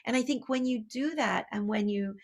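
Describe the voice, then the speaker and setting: A woman's voice: a little high, normal speed, a little mellow. A woman, a child psychologist and author, giving a conversational public talk on parenting, with many fillers and self-corrections.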